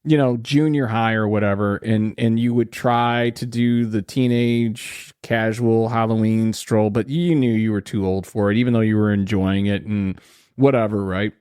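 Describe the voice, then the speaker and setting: A man's voice: lowish voice, fairly even intonation, normal speed, a little mellow, clean tone, no echo, studio quality. A man hosting a podcast in casual chat, joking and crude in his banter. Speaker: podcast host.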